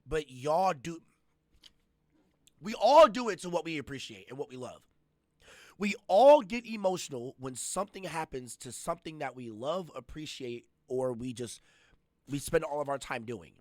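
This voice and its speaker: Man, reaction streamer, blunt profane rant, higher voice, dry sound. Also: expressive, moderate pace, dry recording. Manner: blunt, profane, riled-up ranting. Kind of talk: casual reaction commentary.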